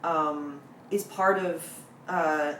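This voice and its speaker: Brief: female film-review co-host, lowish voice, hesitant with lots of fillers, distant roomy sound. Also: fairly even intonation, very slow, a bit bright, a little hiss or hum. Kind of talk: casual chat.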